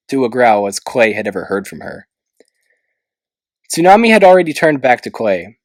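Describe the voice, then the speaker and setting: A man narrating a children's fantasy novel aloud in a steady, plain reading style with small slips. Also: mid-range voice, moderate pace, no room sound. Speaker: amateur audiobook reader. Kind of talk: storybook narration.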